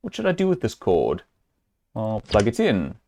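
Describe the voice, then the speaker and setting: A man's voice: on the low side, wildly swooping pitch, normal speed, vocal fry, mellow. A man streaming a point-and-click adventure, chatting casually and thinking aloud as he works through puzzles, with amused chuckles. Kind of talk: casual let's-play commentary.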